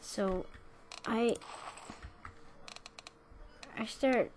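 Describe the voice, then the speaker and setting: A woman's voice: on the high side, very slow, a little mellow, a little hiss or hum. A young woman casually telling a story about school, rambling with lots of "like" and restarts. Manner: rambling, full of "like" and restarts, with bursts of laughter.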